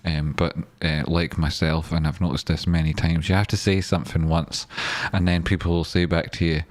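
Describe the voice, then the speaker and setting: A man hosts a casual live trading stream from home. His voice sits very low. He rambles, swears and speaks his mind bluntly, and the sound is close and dry. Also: little pitch movement, moderate pace, no echo.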